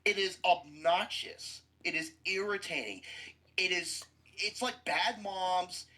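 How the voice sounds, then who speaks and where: A man's voice: high-pitched, slow pace, sharp tone, rough recording. A man hosting a podcast who gives a blunt, profane movie review with explosive outbursts.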